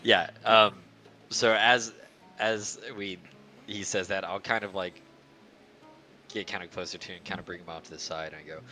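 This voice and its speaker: A man with a very low, deep voice playing in a tabletop game over clear background music. He talks hesitantly, stopping and restarting as he goes. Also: steady tone. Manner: hesitant, halting. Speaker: player. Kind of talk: casual tabletop play. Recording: music behind.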